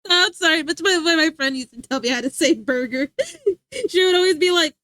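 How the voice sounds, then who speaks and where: Young woman, high voice, dry close sound, teasing casual stream chat. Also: expressive, moderate pace, pauses often, fairly bright tone, no room sound. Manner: playful teasing, laughs often. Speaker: livestreamer. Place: home streaming setup.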